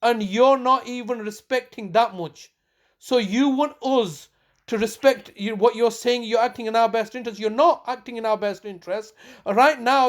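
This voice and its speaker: A woman with a high voice presses an official on a recorded phone call. She sounds agitated and accusatory, hammering her points home with repeated words and restarts. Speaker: family member confronting a council official.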